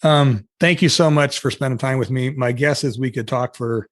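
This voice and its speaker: A man hosting a podcast interview, thanking his guest warmly as he wraps up. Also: medium pitch, moderate pace, no echo. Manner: friendly, appreciative wrap-up. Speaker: podcast host. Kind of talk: interview conversation.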